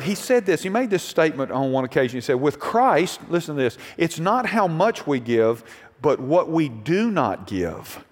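A man's voice: fairly high pitch, in a large hall. A middle-aged man, a pastor, preaching a conversational sermon and putting questions to the congregation.

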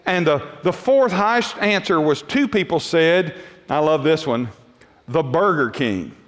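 A man's voice: on the high side, expressive, measured pace. A male pastor preaching a sermon, emphatic and repetitive, often restarting his sentences. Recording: long hall reverb.

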